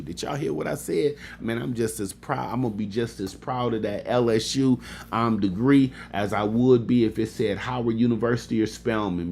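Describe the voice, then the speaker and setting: A man's voice: fairly low pitch, a little mellow, a little hiss or hum. A man in his fifties giving a motivational speech with a preacher's cadence, peppering his talk with "amen" and speaking straight to the audience.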